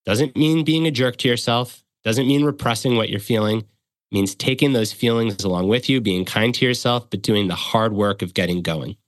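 A man's voice: fairly low pitch, normal speed, no echo. Dry, close-miked man explaining earnestly. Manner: earnest, coaching tone with practical examples. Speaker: guest expert. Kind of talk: conversational explanation.

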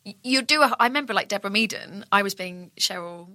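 Woman in her 30s, quick and bright, animated comic storyteller, dry close mic. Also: mid-range voice, dry recording. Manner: animated storyteller who slips into voices. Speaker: comedy actress and impressionist guest. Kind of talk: casual chat.

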